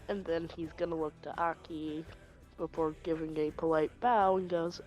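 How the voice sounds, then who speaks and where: Low-voiced woman player. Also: steady tone, moderate pace, darkish tone, soft background music, rough recording. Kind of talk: playing a tabletop game.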